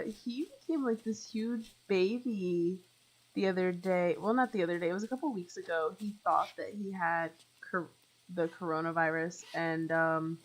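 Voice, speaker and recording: A young woman live streams a game, rambling chattily with plenty of fillers and talking straight to her viewers in chat. Her voice is lowish, and the audio is poor.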